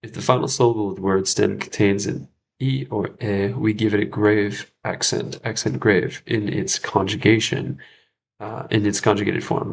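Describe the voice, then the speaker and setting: A man with a low, gravelly voice talks his way through a casual livestream study session. He speaks at an unhurried pace and in a flat tone, repeating each word to check himself. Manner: thinks aloud, repeats words while checking himself. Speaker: French learner and livestream host.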